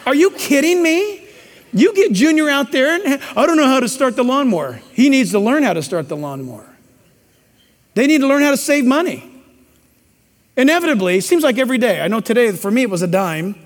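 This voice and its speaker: High-voiced preacher man in a reverberant hall. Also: very animated, a little fast. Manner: emphatic, joking asides, preachy. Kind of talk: sermon.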